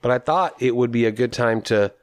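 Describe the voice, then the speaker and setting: A man's voice: medium pitch, a little fast, no echo. Man explaining, dry close sound. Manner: explanatory, poses rhetorical questions. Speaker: podcast co-host. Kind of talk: casual chat.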